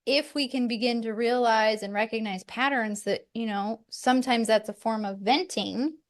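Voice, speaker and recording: Woman host, middle-aged, higher-pitched voice, candid, reflective, casual chat. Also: moderate pace. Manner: candid, reflective, with light laughs. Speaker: podcast host.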